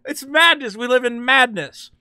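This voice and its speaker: Excitable bright-voiced man ranting. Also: very high voice, moderate pace, clean tone, no room sound, clean studio sound. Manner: excitable, rambling, exasperated. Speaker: channel host. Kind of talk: casual commentary vlog.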